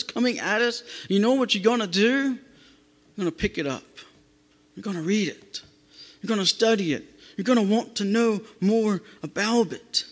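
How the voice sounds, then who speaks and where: A male pastor with a notably high voice delivers an emphatic sermon, repeating phrases to drive them home. The sound rings with a long reverb, as in a church sanctuary.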